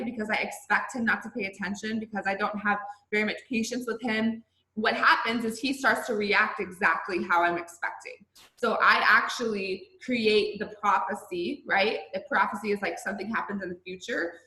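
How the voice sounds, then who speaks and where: A woman's voice: medium pitch, bright, forceful tone, reverberant, rough recording. A woman, a college instructor, giving a recorded online lecture in a conversational way, often checking in with her students. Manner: conversational, checks in with "right?" and "okay?". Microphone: video call.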